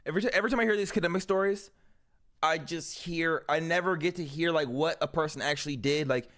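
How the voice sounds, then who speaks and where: A man hosting a live stream, reacting to a clip with opinionated, animated commentary. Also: fairly high pitch, quick pace.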